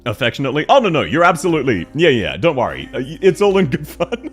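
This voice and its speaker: An Australian man chatting on a game stream, quick to laugh and crude in his jokes. His voice sits at a middle pitch but swings widely and animatedly. He talks with casual, teasing energy. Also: very animated, faint music behind. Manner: joking, laughing often, crude banter. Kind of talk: casual livestream chat.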